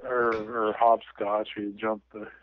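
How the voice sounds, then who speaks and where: A man chatting casually and retelling scenes with lively laughter. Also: lowish voice, unhurried. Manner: animated storyteller who laughs often and retells scenes. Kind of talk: casual chat. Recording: tinny radio transmission, dry.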